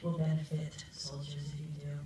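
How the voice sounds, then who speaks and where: A middle-aged woman addresses an outdoor cemetery ceremony with earnest, heartfelt warmth, her voice sitting fairly low. It booms through a public address system that echoes heavily and reaches the recorder from far off. Steady background noise runs underneath. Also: moderate pace. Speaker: ceremony speaker. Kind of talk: public memorial speech.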